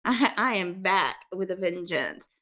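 A woman co-hosting a casual podcast chat, emotional and animated, laughing often. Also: on the low side, measured pace. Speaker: podcast co-host.

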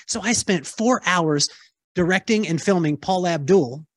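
A man telling a lively story to an audience, acting out the voices of the people in it. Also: high voice, a little fast, no echo. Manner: lively, acts out quoted voices. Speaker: keynote speaker answering audience. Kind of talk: animated storytelling talk.

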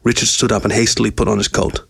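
Low-voiced man reading a story. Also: little pitch movement, fast, creaky, a bit bright, breathy edge, dry recording. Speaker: reader. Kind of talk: audiobook story narration.

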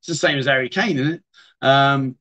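A man's voice: medium pitch, a little fast, pushed and bright. A middle-aged man hosting a casual livestream, rambling and chatting as he answers viewers' comments. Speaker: livestream host. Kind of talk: casual live-stream chat.

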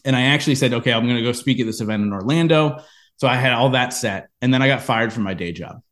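A man in a podcast interview, telling a personal business story with lively acted-out quotes. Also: medium pitch, quick pace. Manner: animated storyteller, acts out quoted lines. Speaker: podcast guest, entrepreneur.

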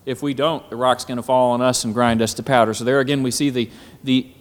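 A man preaching a sermon at a symposium, often pausing on "Amen" and building to emphatic, climbing phrases. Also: medium pitch, steady tone. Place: hall at a symposium. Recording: echoey hall.

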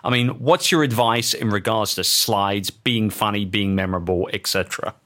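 A man's voice: fairly low pitch, moderate pace, bright, forceful tone. Chatty male podcast host. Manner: enthusiastic, chatty, with repeated false starts. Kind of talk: podcast interview.

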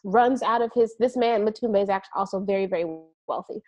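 Woman, podcast co-host, casual movie recap, mid-pitched voice, playful storytelling. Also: fairly quick. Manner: animated storytelling with quoted voices and laughter. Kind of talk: casual movie review chat.

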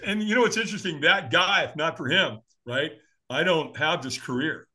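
A man in his late sixties, appearing as a guest, tells animated stories in an interview, acting out the voices he quotes and laughing often. His voice runs on the high side, pushed and bright, at a moderate pace.

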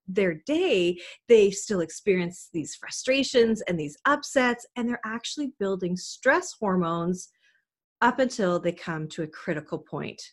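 A woman's voice: a little high, a bit bright. A woman giving a parenting talk to camera, earnest and coaching, often asking the listener questions. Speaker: parenting educator.

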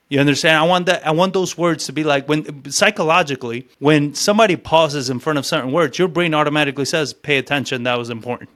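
A fairly high-voiced male sales coach teaching cold calling. He talks bluntly and swears freely. He acts out sample phone calls as he explains them. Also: a bit bright.

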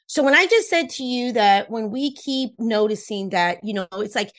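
A woman whose first language is Spanish, a relationship coach explaining ideas in an interview, lively and emphatic, repeating points and laughing often. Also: a little high, normal speed, hardly any pauses. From Cuba. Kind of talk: animated explanatory interview talk.

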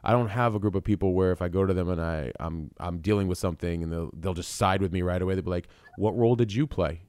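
A man hosting a podcast interview, earnest and encouraging, talking quickly. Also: low-pitched, fairly even intonation, a little mellow, smooth, no room sound, studio quality. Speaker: podcast host. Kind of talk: conversational interview.

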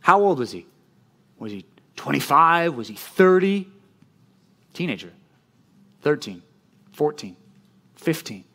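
Chatty pastor, animated. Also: male voice, a little high, takes it slowly, pauses often. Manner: chatty, animated storytelling with lots of fillers. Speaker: youth pastor. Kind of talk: casual youth sermon.

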